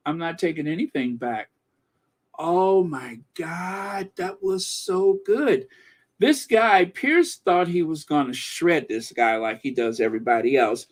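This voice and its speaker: Excitable, chatty male stream host. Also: on the high side, slow pace. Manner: chatty and excitable, laughing often. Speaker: channel host and commentator. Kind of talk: casual live-stream commentary reading news and viewer comments.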